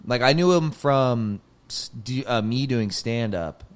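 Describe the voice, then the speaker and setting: A young man hosting a podcast, telling a long story in casual chat, full of filler words and swearing, and he gets loud and high when excited. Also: slow. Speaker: podcast host, comedian.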